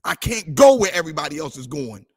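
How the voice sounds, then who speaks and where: Preaching man, high voice, wide swooping pitch, husky. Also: sing-song, fast. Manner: impassioned, call-and-response preaching with sung phrases. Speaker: pastor. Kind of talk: preaching to a livestream audience.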